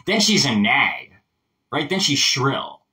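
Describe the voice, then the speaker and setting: Lively man coaching voices. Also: medium pitch, slow pace, far from the mic, low-quality recording. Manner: chatty, animated, explains with lots of asides. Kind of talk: casual voice lesson.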